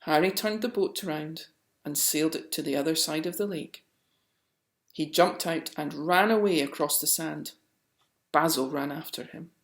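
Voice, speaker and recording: A woman reading a picture book aloud, slowly and expressively. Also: low voice. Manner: slow and expressive. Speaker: storyteller. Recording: roomy echo.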